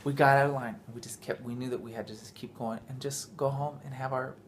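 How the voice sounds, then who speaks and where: A man's voice: mid-range voice, steady tone, fast talker, slight background noise. A man hosting a family vlog, chatting casually and rambling with frequent restarts as he tells a story. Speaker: vlog host and father.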